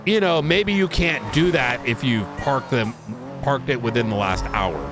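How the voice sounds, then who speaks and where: A man's voice: mid-range voice, moderate pace, over music. A man in casual roleplay chat on a game stream, rambling with lots of fillers. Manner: rambling, loose talk full of fillers. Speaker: roleplay player as police officer. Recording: game car noise under voice.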